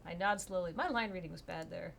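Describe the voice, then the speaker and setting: A woman's voice: lowish voice, fast talker, creaky. A woman narrating and playing a tabletop role-play, chatty and self-deprecating. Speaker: player and narrator.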